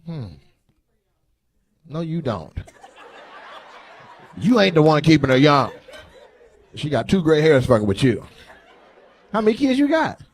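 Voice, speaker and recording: A man's voice: fairly high pitch, big pitch swings, measured pace, long pauses. A male stand-up comedian doing crowd work on stage, brash, profane and teasing. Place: large comedy venue on stage.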